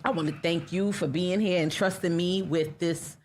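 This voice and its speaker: Woman podcast host, slight lisp, lower voice, loose and jokey, trips over words. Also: steady tone, moderate pace, slight background noise. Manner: loose, laughing, self-teasing, stumbles over words. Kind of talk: casual interview chat.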